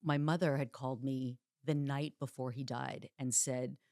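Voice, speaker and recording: A woman's voice: extremely low pitch, steady tone, normal speed, no room sound, clean studio sound. Candid woman hosting a solo podcast. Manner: candid and chatty, with dark jokes. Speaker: podcast host. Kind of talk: solo podcast monologue, casual storytelling.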